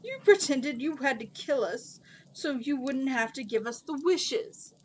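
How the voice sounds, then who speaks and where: A woman reading the part of an eager young male knight in a storybook, earnest and quick to take offense. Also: high-pitched, lively intonation, slight background noise, pitched above the performer's own voice. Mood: shocked.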